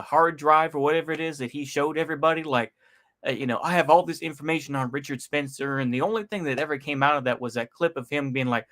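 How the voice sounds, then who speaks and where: A man's voice: medium pitch, bright, forceful tone. A man talking through a video in loose, slangy commentary, with a voice sitting in an ordinary middle register. He rambles with plenty of fillers, sighing and chuckling to himself as he goes. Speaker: YouTube commentator. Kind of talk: casual reaction commentary.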